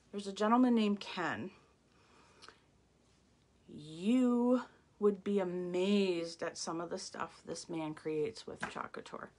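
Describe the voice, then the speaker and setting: A woman's voice: mid-range voice, fairly bright tone. A middle-aged woman casually walking viewers through craft products, gushing and exclaiming as she goes. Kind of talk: casual live product walkthrough.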